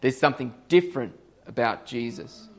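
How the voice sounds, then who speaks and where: A young man giving a casual sermon, telling a story and acting out the voices of its characters, rising to loud emphatic peaks. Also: mid-range voice, animated, moderate pace. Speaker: preacher.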